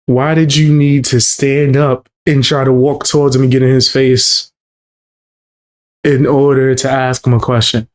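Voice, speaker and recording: A man's voice: medium pitch, flat delivery, measured pace. A man streaming his reactions to a clip, talking bluntly and mockingly with lots of swearing. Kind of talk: casual reaction commentary.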